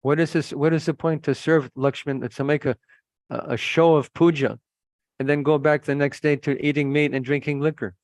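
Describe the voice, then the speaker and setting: A man's voice: a little high, level tone, normal speed, no room sound. A man preaching a sermon, earnest and admonishing, telling stories to make his points. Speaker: preacher, monk. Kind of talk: sermon with anecdotes.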